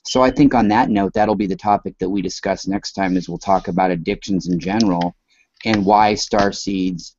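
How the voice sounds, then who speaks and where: A man with a very low voice talks loosely and at length as a talk show co-host, dropping the odd swear word. The recording sounds dull and dry, like a lo-fi home setup. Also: fairly even intonation, normal speed, darkish tone, no echo. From American West Coast. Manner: rambling, loose, swears casually. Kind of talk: casual chat.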